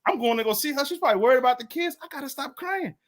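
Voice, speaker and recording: A man telling a personal story in lively, emotional style, acting out the voices of others and laughing often. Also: extremely high pitch, very fast. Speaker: guest, motorcycle club president. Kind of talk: animated storytelling.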